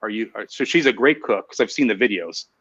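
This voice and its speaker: A man's voice: lowish voice, expressive, fast, fairly bright tone, husky, lo-fi sound. A man hosting a live online show, chatting casually, laughing at himself and reading out viewer comments. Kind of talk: casual live-stream chat.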